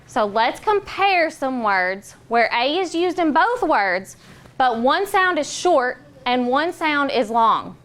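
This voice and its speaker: A young woman teaching a phonics lesson in a classroom, patient and encouraging, sounding out words slowly. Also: high-pitched, sing-song, a bit bright.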